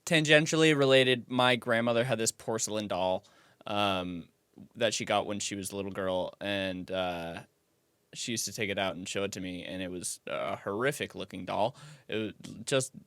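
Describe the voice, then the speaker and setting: Bright, crisp-voiced male podcast host. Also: fairly low pitch, moderate pace, no echo. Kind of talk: casual comedic chat.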